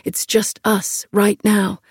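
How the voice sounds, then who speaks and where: A woman reading an audiobook, voicing a tall young man who speaks low, hushed and intimate, tender and intent. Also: little pitch movement, takes it slowly, husky, dry recording, studio quality.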